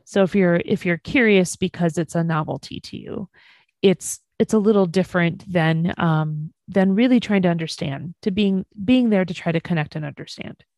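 A woman co-hosting a discussion, explaining her points in a measured way. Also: on the low side, darkish tone, no echo. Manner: measured, explanatory, light fillers. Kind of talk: conversational discussion.

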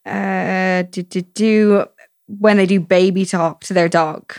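A woman's voice: steady tone, slow pace, a little mellow, smooth, no echo, clean studio sound. A young woman hosting a casual chat, swearing freely and laughing a lot. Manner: chatty, swears a lot, laughs often, high baby-talk impressions. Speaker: podcast host.

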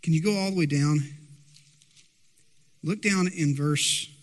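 A man's voice: fairly high pitch, slow. A man preaching a sermon as pastor, emphatic and asking the congregation rhetorical questions. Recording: long hall reverb.

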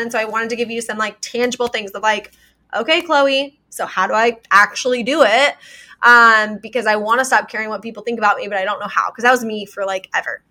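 A woman's voice: on the high side, bright, forceful tone. A young woman giving a casual motivational talk, chatty with lots of fillers, repeating her key phrases for emphasis.

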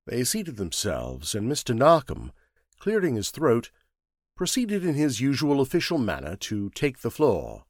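A man with a medium-pitched voice narrates an audiobook in a measured, expressive manner. The studio sound is clean, with no room sound.

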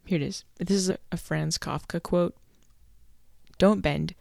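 A woman's voice: on the low side, fairly even intonation, normal speed, vocal fry, a little mellow, no echo, studio quality. A young woman hosting a solo podcast, chatty and self-deprecating, laughing as she tells her stories. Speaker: podcast host.

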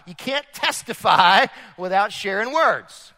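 A man pastor preaching an animated sermon, rising loud and dropping low. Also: a little slow, long reverb tail. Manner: animated preaching, rises and drops in volume. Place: church sanctuary.

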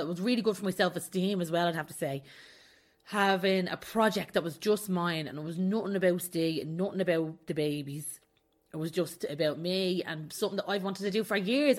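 A young adult woman hosting her own podcast, talking candidly and confessionally in a casual way and often laughing mid-sentence. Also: on the low side. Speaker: podcast host. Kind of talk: casual solo podcast talk.

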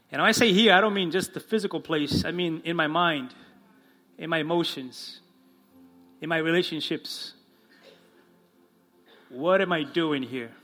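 A man with a high, bright voice preaches a sermon as a pastor in church. He talks expressively and slows right down, going low and quiet whenever he quotes a line. Soft music plays faintly underneath. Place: church in front of a congregation.

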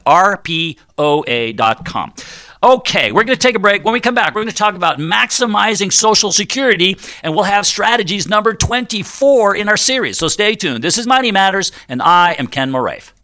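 A man's voice: fairly high pitch, sharp tone. A middle-aged man hosting a financial radio show, explaining things step by step in a chatty, joking way with frequent fillers. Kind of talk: conversational radio talk.

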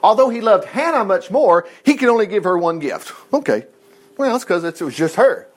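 A preacher teaching a Bible lesson retells a Bible story in a folksy sermon, acting out the characters and breaking off for jokey asides. His voice is high-pitched, very animated and brisk.

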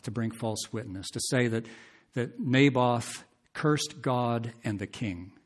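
A man preaching an expository sermon, talking conversationally, asking his listeners questions and reading scripture aloud with rising emphasis. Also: fairly low pitch.

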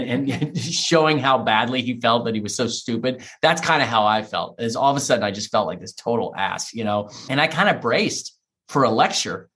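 A man's voice: mid-range voice, a bit bright. A middle-aged man from the United States, an author telling a heartfelt personal story in an interview. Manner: earnest, heartfelt, emotional retelling. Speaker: author, guest.

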